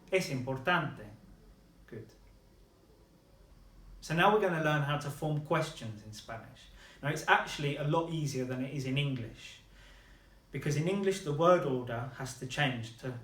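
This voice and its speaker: A man's voice: a little high, fairly bright tone, roomy sound. A man teaching a beginner language lesson, patiently modeling words and praising his student.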